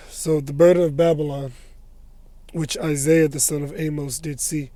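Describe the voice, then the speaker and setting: A male preacher teaching a scripture lesson in a steady tone, often tagging his points with "all right?". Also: on the high side, normal speed, no room sound. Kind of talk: sermon lesson.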